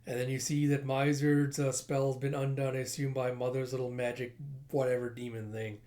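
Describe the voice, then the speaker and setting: A man's voice: medium pitch, flat delivery, moderate pace, warm tone. Casual, cussing man reading a comic aloud. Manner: casual, profane, with sound effects and laughs. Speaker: comic reader and reviewer. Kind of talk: casual comic book readthrough.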